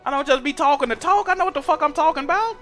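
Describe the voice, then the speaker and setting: A young man streaming a game, telling stories in animated, profane slang. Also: very high-pitched, racing, faint music behind. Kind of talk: casual chat while gaming.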